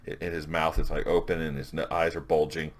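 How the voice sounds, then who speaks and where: A man's voice: a bass voice, level tone, a little hiss or hum. A man giving a casual, rambling review of a comic issue, recapping scenes and quoting characters' dialogue. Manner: rambling, with restarts and quick quoted dialogue.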